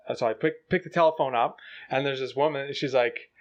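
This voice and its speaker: A man's voice: a little high, lo-fi sound. A young man telling a funny story in casual chat, acting out the quoted lines with animation. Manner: animated, acts out rapid panicked quotes.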